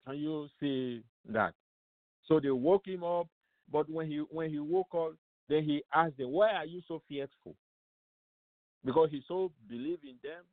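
A man's voice: fairly high pitch, lively intonation, moderate pace, dry recording. Man preaching over a tinny phone line. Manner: emphatic, repetitive, asks rhetorical questions. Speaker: radio show host. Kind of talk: radio preaching. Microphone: phone call-in line.

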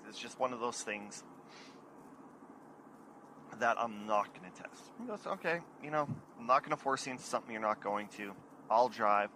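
A man in his forties hosts his own show, spinning a loose, animated story and slipping into his friends' voices. His tone is bright and forward. A faint hum sits under the recording. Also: medium pitch. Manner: animated, acts out friends' lines and sings snatches. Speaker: podcast host telling a story. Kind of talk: casual storytelling.

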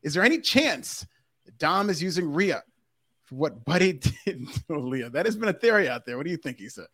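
A man co-hosting a podcast in casual chat, animated and jokey, laughing often. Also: a little high, a little fast. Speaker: podcast co-host.

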